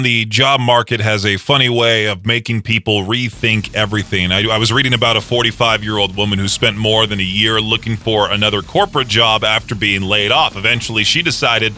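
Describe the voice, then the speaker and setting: A man's voice: fairly low pitch, steady tone, brisk, hardly any pauses, pushed and bright. A man hosting a radio show, bantering casually with a co-host, teasing and laughing often. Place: radio studio.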